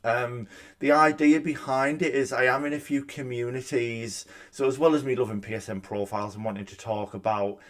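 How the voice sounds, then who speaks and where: A man's voice: medium pitch, fairly even intonation, normal speed. A man, a gaming YouTuber talking in a casual, chatty, self-deprecating way at a desk mic in a room at home. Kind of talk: casual reaction vlog. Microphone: desk microphone.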